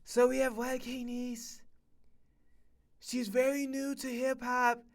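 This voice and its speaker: A man voicing a male event host who pleads with a crowd to be quiet and introduces a performer in a mock-formal way. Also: very high-pitched, completely flat delivery, slow, full character voice. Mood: mock pleading.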